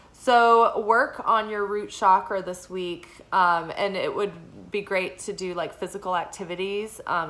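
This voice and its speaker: A young adult woman giving a casual weekly oracle card forecast, talking in a relaxed, meandering way with lots of fillers. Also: lowish voice, low-quality recording. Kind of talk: casual spiritual forecast chat.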